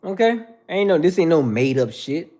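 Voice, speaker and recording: A man's voice: on the high side, big pitch swings, moderate pace, mellow. A man in his thirties hosting a livestream, bluntly lecturing viewers in the chat with repetitive slang. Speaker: livestream host. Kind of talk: casual livestream rant.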